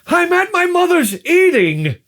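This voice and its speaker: This is a flighty, unbothered wife, as her husband puts her on: a middle-aged woman who answers from far away with a squeaky, drawn-out drawl. Her voice sits very high and loose. She stretches each word lazily and waves off any worry. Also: huge pitch swings, fairly bright tone, full character voice. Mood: airy, unbothered.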